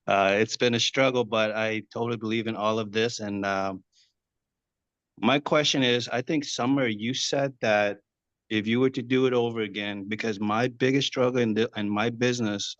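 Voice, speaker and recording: Low, flat man on a dull video call. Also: no echo. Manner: earnest, rambling, hesitant. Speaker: caller asking a question. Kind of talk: casual question on a video call.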